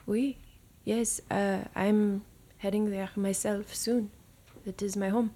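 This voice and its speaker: A woman voicing a shy, humble young male gnome necromancer, speaking softly and politely. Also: mid-range voice, little pitch movement, takes it slowly, voice pushed up. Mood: modest. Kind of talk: tabletop role-play.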